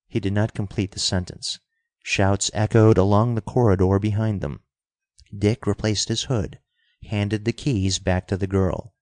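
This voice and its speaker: A man narrating an adventure story in a steady, measured and dramatic audiobook style. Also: on the low side, dry recording, studio quality.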